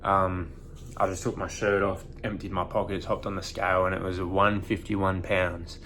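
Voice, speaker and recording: A man in his twenties with an Australian accent, talking casually to camera in a relaxed, rambling way with lots of ums. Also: low-pitched, moderate pace, a little hiss or hum. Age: 20s. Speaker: vlogger and first-time fighter. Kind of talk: casual vlog monologue.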